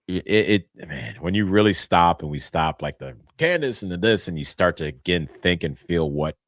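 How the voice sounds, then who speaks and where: A man with a very deep voice hosts a casual political chat, talking earnestly and often laughing or chiming in with short agreements. The recording is dry and close. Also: lively intonation, moderate pace, no echo. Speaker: host.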